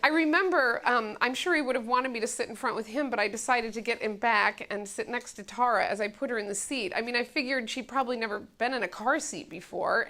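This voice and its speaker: A woman comedian delivers a one-woman comic monologue in a slightly high voice. She tells her story with wry, animated timing.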